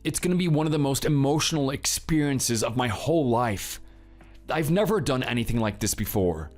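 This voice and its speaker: A man's voice: mid-range voice, expressive, moderate pace, darkish tone, soft background music, lightly acted. A man playing a cold, defensive husband. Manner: curt and defensive. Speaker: partner. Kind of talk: dramatized story dialogue.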